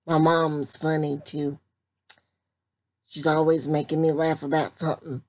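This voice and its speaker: A woman, talking slowly in a casual vlog and breaking into laughter again and again. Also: sits low, a little mellow. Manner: giggly, keeps breaking into laughter; slow, drawn-out talk. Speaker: vlogger.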